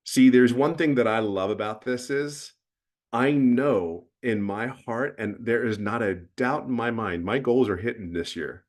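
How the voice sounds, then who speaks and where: A man's voice: mid-range voice, a little slow. A middle-aged man giving a blunt, preachy motivational mentoring talk as guest host, with emphatic bursts.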